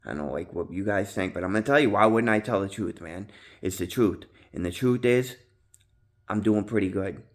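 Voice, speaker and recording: A man talking casually to his viewers about recovery, rambling with slang, swearing and many fillers, jumping loud and high when he acts out his own past yelling. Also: fairly quick. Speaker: vlogger in recovery. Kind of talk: casual monologue to camera.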